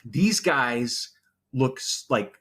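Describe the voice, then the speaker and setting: A man in his forties, a podcast guest, telling a wild story in a casual, profane, animated way. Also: mid-range voice, drawn-out words. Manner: animated, profane storyteller who acts out quotes.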